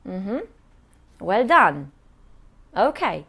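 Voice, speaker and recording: A woman teaching English pronunciation in a live online workshop, modeling words slowly and checking in with "yes?" after nearly every point. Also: medium pitch, very animated, vocal fry, fairly bright tone, breathy edge.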